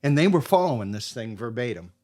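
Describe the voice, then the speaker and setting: Middle-aged man, from Maine, podcast guest, lively hunting story, acts out the quotes. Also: medium pitch, brisk.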